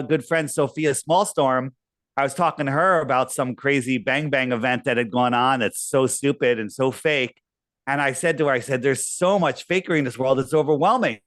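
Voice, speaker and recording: A man's voice: mid-range voice, normal speed, fairly bright tone, dry recording. A man being interviewed, talking casually and telling a long, rambling story with quoted asides. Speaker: podcast guest.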